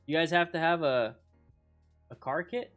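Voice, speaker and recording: A man hosting a casual livestream chat with viewers, excitable and rambling, repeating himself with bursts of hype. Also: on the high side, unhurried, soft background music. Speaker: motorcycle riding instructor and channel host.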